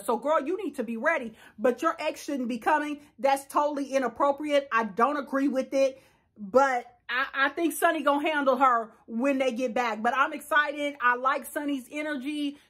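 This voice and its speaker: A young woman with a high, slightly bright voice hosts a casual reality TV recap. Her reaction commentary is blunt and sassy, packed with slang and frequent laughter.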